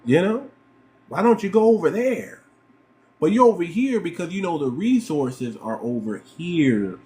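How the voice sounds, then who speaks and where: A man's voice: fairly high pitch, big pitch swings, a little slow, dark tone. Emphatic American man hosting a livestream. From United States. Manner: emphatic and repetitive, firing rhetorical questions. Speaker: livestream host. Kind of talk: livestream commentary.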